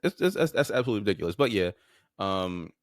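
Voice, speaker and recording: Fast-talking low-voiced man, blunt and casual. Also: very animated, no echo, studio quality. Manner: blunt and informal, swears casually, restarts phrases. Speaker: podcast host. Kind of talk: casual commentary on played clips.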